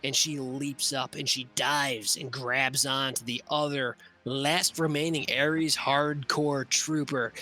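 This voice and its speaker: A man's voice: mid-range voice, bright, forceful tone. A man running a tabletop game as game master, narrating the action in a casual, profane, vivid way full of "like" and "you know". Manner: lots of fillers, like and you know.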